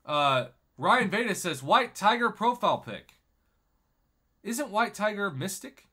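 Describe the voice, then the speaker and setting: A man's voice: high voice, measured pace. A man streaming a mobile game, chatting casually, laughing and reading viewers' comments aloud. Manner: excitable, laughing, reads chat aloud. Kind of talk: casual live-stream gaming chat.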